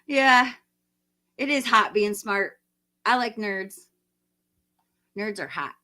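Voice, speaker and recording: Chatty bright-voiced woman in her forties. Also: mid-range voice. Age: 40s. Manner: chatty, rambling, laughs often. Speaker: livestream host. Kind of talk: casual livestream chat reading viewer comments.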